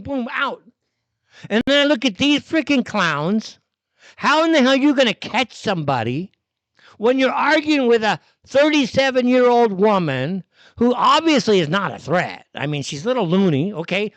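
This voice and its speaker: A man's voice: extremely high pitch, animated, normal speed, fairly bright tone, dry recording. A man hosting a live commentary show, ranting bluntly and swearing often.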